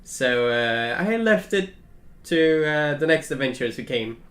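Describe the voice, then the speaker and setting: A man's voice: medium pitch, expressive, measured pace, fairly bright tone, roomy sound. A man voicing a rambling camp leader. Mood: earnest. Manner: earnest, rambling with many fillers. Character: male encampment leader, former scout.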